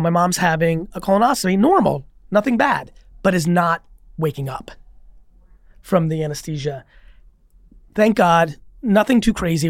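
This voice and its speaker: Animated, swearing man telling a story. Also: high-pitched, no room sound, clean studio sound. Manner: animated, rambling, swears freely. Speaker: guest. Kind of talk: casual storytelling in a podcast conversation.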